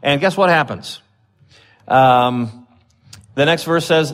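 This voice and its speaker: A man's voice: on the high side, slow pace, pauses often, a bit bright. A man preaching a conversational sermon, often stopping and restarting, with his voice lifting when he reads scripture aloud. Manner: chatty, with many fillers and restarts, rising when reading scripture. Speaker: pastor.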